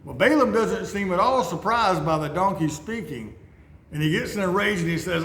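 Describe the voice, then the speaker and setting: A man's voice: high voice, expressive, moderate pace, fairly bright tone. A man telling rambling Bible and life stories in a conversational way, in a church building. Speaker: speaker. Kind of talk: storytelling sermon. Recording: echoey room, faint noise.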